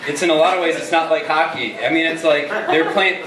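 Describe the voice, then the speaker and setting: A man doing a hesitant, halting stand-up routine at an open mic. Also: on the high side, distant mic. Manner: hesitant, halting, restarts often. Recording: echoey room, mic from afar, noisy.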